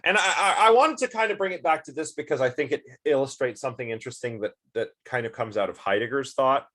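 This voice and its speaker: A man's voice: mid-range voice, fast, fairly bright tone. A man lecturing on philosophy in a casual, rambling way, with many fillers and restarts. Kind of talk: recorded online lecture.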